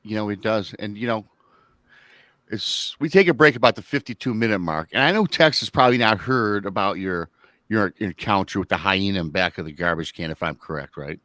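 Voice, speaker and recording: Halting low-voiced male show host. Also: a bit bright, dry recording. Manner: halting, restarts sentences. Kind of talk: casual chat.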